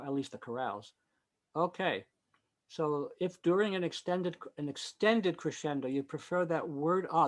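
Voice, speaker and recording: An older man giving an informal online lecture on choral conducting. He thinks aloud with fillers and self-corrections, and now and then sings a short example. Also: on the high side. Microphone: video call.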